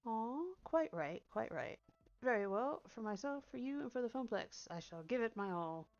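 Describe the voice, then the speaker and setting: A woman's voice: on the high side, animated, moderate pace, lo-fi sound. A woman voicing a polite, earnest young man in a game, trying a formal British-flavored delivery. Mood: resolute.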